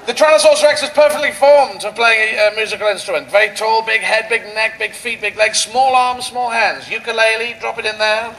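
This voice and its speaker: Male stand-up comic, high voice with gravelly fry, rambling absurdist riffs, outdoor rally stage mic. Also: fairly even intonation, fairly quick, hardly any pauses, a bit bright, rough recording. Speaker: stand-up comedian. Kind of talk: stand-up comedy routine.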